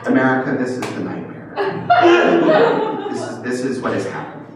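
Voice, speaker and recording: A man playing a quiet, deliberate woman candidate, low voice, far off in an echoey theater. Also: a loud crowd, lightly acted. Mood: hushed. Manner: hushed, deliberate, dry. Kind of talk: live improv debate parody. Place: improv theater stage.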